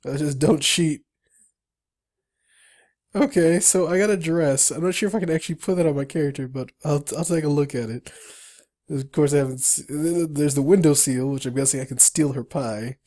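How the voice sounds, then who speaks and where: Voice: medium pitch, normal speed, a little mellow. A player walking through a game tutorial, reading the on-screen story aloud with chatty asides. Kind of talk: let's-play narration, reading game text aloud.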